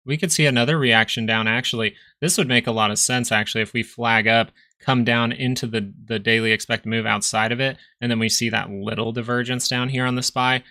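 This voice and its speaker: A man's voice: mid-range voice, bright, forceful tone. A young man hosting a live stock market stream, giving casual, rambling chart commentary and joking with viewers. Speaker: stock market livestream host.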